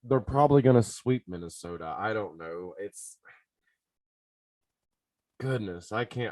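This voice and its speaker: A man hosting a podcast, giving sports betting picks in an excitable, casual way and talking straight to his listeners. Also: mid-range voice, moderate pace, pauses often, no echo, studio quality. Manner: excitable, talks to listeners directly. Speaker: podcast host.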